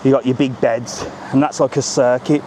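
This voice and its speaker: Outdoors at a hotel resort, a middle-aged man films a live walking tour, chatting to his phone camera as he moves. He's a travel vlogger with a mid-range voice at normal speed, lively and talkative, and he keeps telling viewers to "look"; a little hiss or hum sits under the audio.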